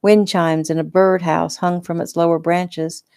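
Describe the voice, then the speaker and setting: Woman, low voice, relaxed casual audiobook reading, unpolished. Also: a little slow, gravelly, smooth. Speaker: author reading her own novel.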